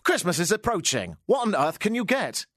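A man's voice: sits high, very animated, normal speed, a bit bright, no echo, clean studio sound, voice pushed up, heavily acted. A man doing a cheesy, overblown salesman voice for an advert read live on air. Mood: cheesy hype. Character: cheesy pushy male advert announcer.

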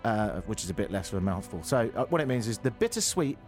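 A man's voice: lowish voice, big pitch swings, fast talker, darkish tone, soft background music. A young man in his twenties, co-hosting a casual radio chat, playful and jokey, stumbling over foreign words. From England. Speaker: radio co-host.

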